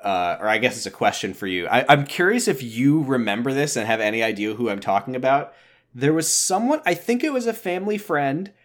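A man co-hosting a podcast, telling stories in a rambling, self-interrupting way. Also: medium pitch. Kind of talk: casual chat.

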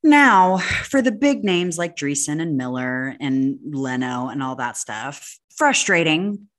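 A young woman with a low-pitched voice tells a story to her co-host. She is animated and swears freely, jumping into quick impressions of the people she describes. Her delivery is casual and chatty. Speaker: podcast co-host.

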